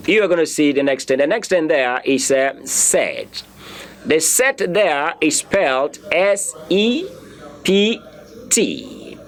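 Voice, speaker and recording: A man teaching a French lesson, spelling words letter by letter and repeating them for learners to copy, firmly correcting common mistakes. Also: a little high. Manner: slow, drilling repetition with spelled-out letters. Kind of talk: online language lesson.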